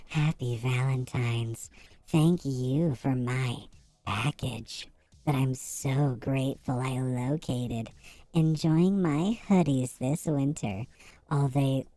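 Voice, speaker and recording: A man doing a sultry woman's voice through a voice-changing effect, reading a flirty love note slowly and breathily. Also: mid-range voice, dark tone, no echo. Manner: slow, drawn-out sultry delivery. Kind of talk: comic dramatic reading.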